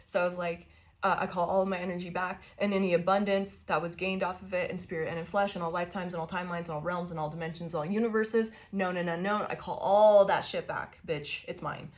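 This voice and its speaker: A woman's voice: fairly low pitch, quick pace. A woman giving a casual tarot reading, swearing freely and laughing often as she tells her story. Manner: profane, laughing, animated storytelling. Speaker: tarot reader.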